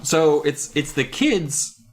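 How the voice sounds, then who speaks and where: A man's voice: fairly high pitch, very animated, slow pace. A man co-hosting a podcast, casually recapping a book in a rambling way, full of 'like'. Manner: rambling, heavy use of 'like'. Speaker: podcast co-host.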